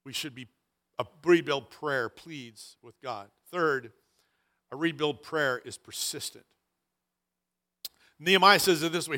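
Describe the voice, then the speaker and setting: A man's voice: a little high, moderate pace, bright, forceful tone. A man preaching a sermon as pastor, earnest and emphatic, often repeating phrases for weight.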